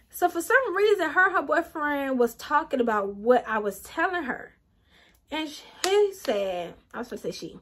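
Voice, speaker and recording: A young woman telling a storytime vlog straight to her viewers, animated and acting out what people said. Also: high-pitched, normal speed. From Atlanta, USA. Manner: animated, talks straight to viewers, acts out quotes. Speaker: vlogger.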